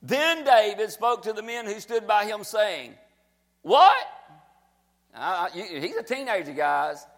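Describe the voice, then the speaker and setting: Male pastor, high voice, emphatic sermon delivery. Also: animated, moderate pace, gravelly, few pauses. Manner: emphatic, repetitive exhortation.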